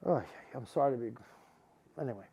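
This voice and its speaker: A man's voice: mid-range voice, animated, a little fast, breathy edge, highs cut off. A middle-aged man, a psychic medium giving readings to a live audience, who rambles and repeats words for emphasis.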